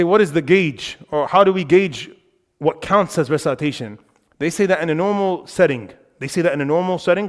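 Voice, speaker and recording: A young man giving an emphatic, conversational religious lesson in a mosque, with frequent filler words. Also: fairly high pitch. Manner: animated, emphatic. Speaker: religious teacher. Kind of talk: lecture on worship. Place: mosque hall. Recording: reverberant mosque hall.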